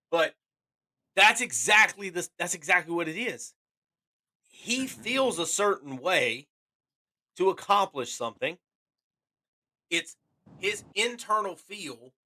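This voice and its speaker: Bright-voiced man, emphatic podcast host. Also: on the high side. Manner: animated, emphatic, repeats phrases for stress. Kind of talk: casual podcast conversation.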